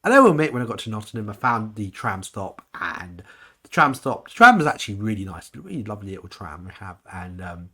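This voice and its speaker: A young man reviewing an anime convention in a casual, rambling vlog monologue, chatty and animated, acting out the voices of people in his story. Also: lowish voice, quick pace.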